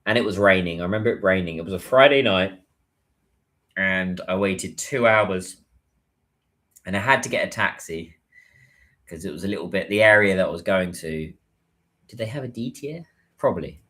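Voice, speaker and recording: Man, casual livestream chat, lowish voice, answers comments, waiting in a queue, phone mic. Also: animated, moderate pace, long pauses, pushed and bright. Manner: chatty, muses aloud and answers viewer comments. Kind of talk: casual live-stream chat.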